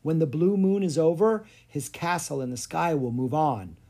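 A storyteller voicing a gentle, wise woman who hunts animals to help them, in a children's storybook. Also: mid-range voice, animated, normal speed. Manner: gentle, soft-spoken.

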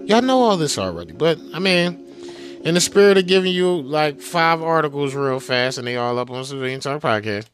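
A man's voice: fairly high pitch, big pitch swings, fairly quick, soft background music. A man hosting a podcast in a casual, profane, exasperated rant to his listeners. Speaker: podcast host.

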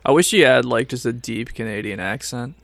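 A man on a podcast trading dry, deadpan one-liners in casual chat. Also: medium pitch, brisk, vocal fry, no room sound. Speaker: podcast co-host.

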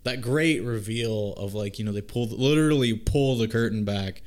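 Animated man in casual film chat. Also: on the low side, normal speed. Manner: animated, swearing, acts out movie lines. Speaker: podcast co-host.

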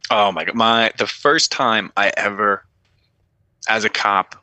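A man's voice: lowish voice, a little slow, dry recording. A man, a former police officer telling stories in a casual podcast chat, swearing freely and acting out the voices in his stories. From New York. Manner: profane, animated, acts out dialogue.

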